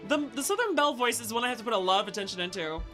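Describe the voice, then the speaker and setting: A woman's voice: a little high, expressive, very fast, fairly bright tone, soft background music. Bubbly young woman game streamer. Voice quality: voice sometimes cracks. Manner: bubbly, playful, chats to viewers. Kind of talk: casual live-stream chat. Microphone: headset with headphones.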